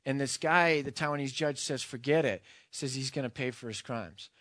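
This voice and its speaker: A man preaching a sermon, earnest, moving from quiet, hushed passages to loud, impassioned ones. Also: medium pitch, fairly quick, no echo, clean studio sound. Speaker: pastor.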